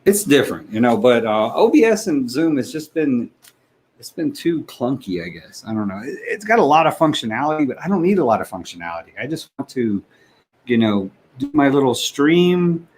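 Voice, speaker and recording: A man hosting a livestream, chatting casually and haltingly as he thinks aloud with frequent fillers. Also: mid-range voice, big pitch swings, a little mellow, poor audio. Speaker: livestream host. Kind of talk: casual stream setup chat.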